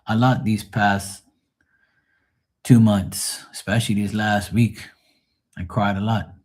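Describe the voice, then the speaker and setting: A man's voice: on the low side, darkish tone, husky. A man who does live tarot readings, chatting with viewers in a blunt, profane, offhand way. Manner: blunt, profane, talks straight to the chat. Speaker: live tarot reader, streamer. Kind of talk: casual live-stream chat.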